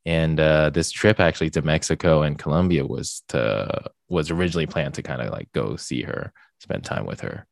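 Deep-voiced young man hosting a podcast. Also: moderate pace, creaky, hardly any pauses, dry recording. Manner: rambling, filler-heavy, gets animated when joking. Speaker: podcast host. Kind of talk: casual podcast chat.

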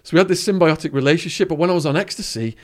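A man's voice: on the high side, rapid-fire. A man with an English accent, a podcast guest telling a vivid story and acting out the voices of the people in it. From England. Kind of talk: storytelling interview.

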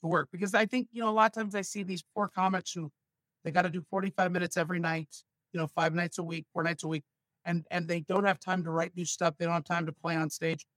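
A male stand-up comedian from Los Angeles, telling stories with animated asides in a casual podcast chat. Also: sits high, quick pace, no echo. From San Fernando Valley, Los Angeles.

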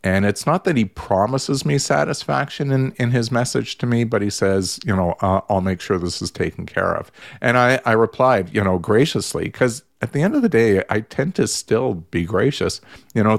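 A man's voice: on the low side, animated, moderate pace, vocal fry. A man, a therapist guest in a casual radio chat, telling an exasperated story full of restarts.

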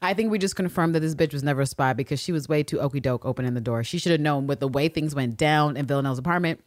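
A woman co-hosting a podcast, casually recapping a TV episode with lots of swearing and quick impressions. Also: deep voice, no room sound. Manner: profane, animated storytelling with quick impressions. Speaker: podcast co-host.

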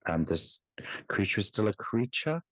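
A man's voice: fairly low pitch, big pitch swings, moderate pace, bright, forceful tone, no echo, low-quality recording. A man playing a tabletop game, hesitantly describing what his character does. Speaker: player.

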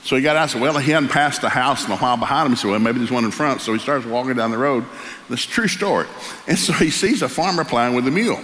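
A pastor preaches a sermon in a church sanctuary, telling a folksy story. His voice is medium-pitched and he talks fast, animatedly acting out different voices. The live church hall gives his speech a long reverb.

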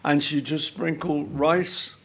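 An older man, a guest on a chat show, telling homely family stories in a halting, rambling way. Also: fairly high pitch, little pitch movement, fairly bright tone, slight background noise. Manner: rambling, halting anecdotes with many fillers. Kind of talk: casual storytelling chat.

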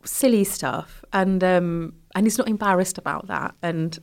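A woman's voice: fairly low pitch, a little slow, gravelly. A woman comedian, a guest in a casual interview, telling stories and laughing as she talks.

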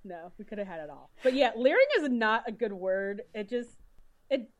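A woman's voice: mid-range voice, expressive, moderate pace, muffled recording. A woman co-hosting a podcast in casual chat, swearing freely and laughing often. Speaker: podcast co-host.

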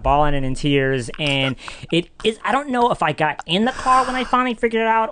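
A young man, a podcast guest, telling a story in casual chat, animated, jumping into high dramatic voices for the people in it. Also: slight background noise.

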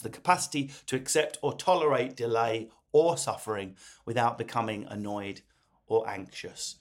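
A man with an Essex accent hosting a comedic podcast, talking in quick, jokey banter. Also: medium pitch. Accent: Essex English. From Essex, England. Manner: quick, jokey banter with playful put-on voices. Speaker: podcast host.

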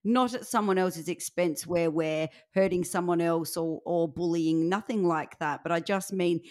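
Low-voiced woman podcast co-host. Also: normal speed, darkish tone. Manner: chatty, teasing, laughs along. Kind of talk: casual podcast chat.

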